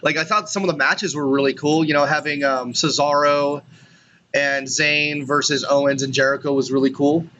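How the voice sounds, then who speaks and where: A man's voice: fairly high pitch, fairly even intonation, normal speed, pushed and bright, lo-fi sound, a little hiss or hum. A man co-hosting a podcast in casual chat, rambling with lots of "you know" and "like". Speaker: podcast co-host.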